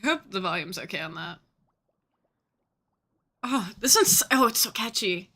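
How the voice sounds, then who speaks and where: A woman's voice: mid-range voice, lively intonation, measured pace, sharp tone. A young woman streaming a game, chatting casually and rambling with lots of fillers. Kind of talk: casual gaming stream chat.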